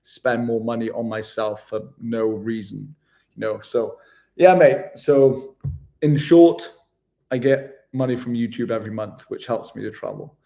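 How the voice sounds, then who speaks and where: Laid-back man with a mellow voice. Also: mid-range voice, steady tone, measured pace, vocal fry. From Wales. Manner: laid-back, matey, calls everyone mate. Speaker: travel vlogger hosting a live stream. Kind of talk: casual live-stream chat with viewers.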